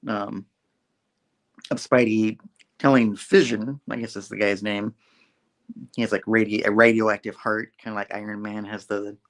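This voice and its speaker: A man hosting a casual comic book review show, retelling the story in a rambling way with many fillers. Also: on the low side. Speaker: host.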